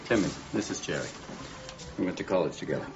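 A man's voice: low-pitched, expressive, fast talker, creaky, reverberant. An actor playing a joking, easygoing male therapist in film dialogue. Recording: muffled film audio with music.

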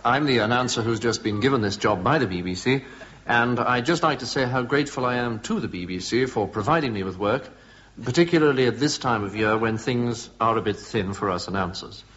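An actor playing a despairing male TV announcer, halting and self-pitying. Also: mid-range voice, lively intonation, a bit bright, lightly acted. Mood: mournful. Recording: dull, noisy TV recording.

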